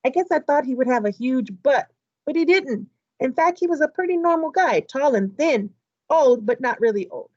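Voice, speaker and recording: Brief: teacher reading a children's book aloud, woman with a slightly high voice, dry and a little muffled sound. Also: normal speed, slightly rough, no echo. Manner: lively, voices the dialogue of each character.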